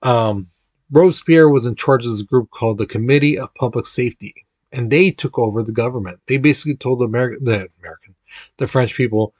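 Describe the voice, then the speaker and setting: A man's voice: mid-range voice, a little fast, a little mellow, no echo. Chatty male history teacher, dry sound. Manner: informal, chatty, acts out quotes with playful voices. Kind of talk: casual classroom lecture.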